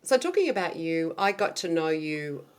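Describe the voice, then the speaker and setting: A woman's voice: low voice, big pitch swings, moderate pace, a little hiss or hum. Chatty woman interviewer. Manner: chatty anecdotal storyteller. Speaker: podcast host, interviewer. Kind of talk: friendly interview chat.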